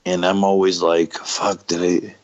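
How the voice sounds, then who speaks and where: A man's voice: low-pitched, flat delivery, measured pace, highs cut off. A middle-aged man, a former pro wrestler, talking candidly in an interview, raw and profane, stopping and restarting often.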